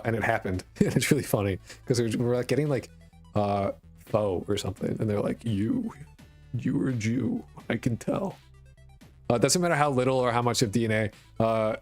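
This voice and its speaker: A brisk, medium-pitched man, with soft music behind him, chats casually on a game dev live stream. He's from rural Connecticut, speaks with a blended New York, Boston and Connecticut accent, and rambles, cusses and runs himself down.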